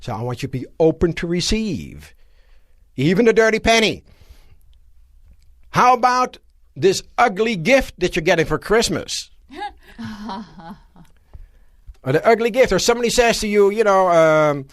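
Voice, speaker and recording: Man, seminar speaker, animated rhetorical questions, very lively pitch, live audience room. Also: normal speed, pauses often, no echo, studio quality. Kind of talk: live motivational seminar lecture.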